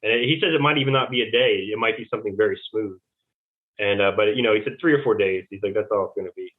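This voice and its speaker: A man's voice: lowish voice, quick pace. American guy rambling thru a story, lots of "like", sounds like a tinny phone call. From United States. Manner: rambling, fills speech with "like" and restarts. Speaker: podcast guest, Navy veteran.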